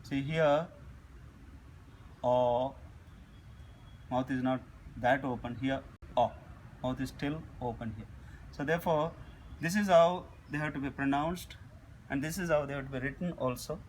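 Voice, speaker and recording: A man's voice: medium pitch, slight background noise. A man teaching a phonetics lecture, repeating his points and sounding out vowels one at a time. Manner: slow, repetitive, demonstrates vowel sounds aloud.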